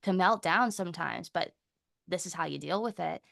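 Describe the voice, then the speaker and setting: A woman's voice: on the low side, vocal fry, no echo, clean studio sound. A young woman from Canada, a guest speaker in a casual interview, telling stories with lots of "like" and acting out what others said. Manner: animated storyteller, acts out quoted dialogue; frequent "like" fillers, quick bursts.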